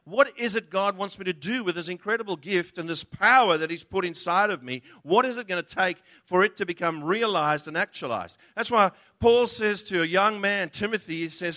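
A man's voice: high voice, sharp tone. A man preaching a sermon emphatically, acting out the voices he quotes.

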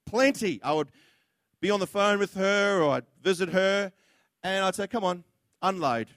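A man with a high voice preaches a sermon in a blunt, impassioned manner, now and then acting out the words of others. The sound is dry and close, with no room echo. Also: moderate pace, a bit bright.

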